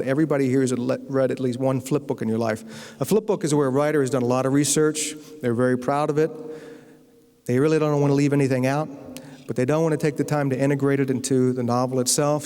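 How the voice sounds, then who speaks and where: A man's voice: mid-range voice, darkish tone. A man from Virginia, a novelist, giving a humorous lecture full of anecdotes and telling stories in a wry way. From Virginia, USA. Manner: wry storyteller, acts out quoted voices. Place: university lecture hall. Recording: long lecture-hall reverb.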